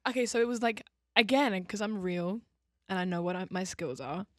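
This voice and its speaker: A woman's voice: medium pitch, moderate pace, a little mellow. A young English woman in her twenties speaks as an interview guest, candid and laid-back, with a mid-range voice for a woman. Her voice is recorded close and dry, with no room echo. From England. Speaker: musician guest. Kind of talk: casual interview chat.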